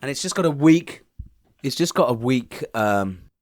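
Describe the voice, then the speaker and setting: Rambling man with a lively voice. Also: medium pitch, measured pace, no echo. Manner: rambling, chatty, self-narrating. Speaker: podcast co-host. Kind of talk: comedic podcast banter.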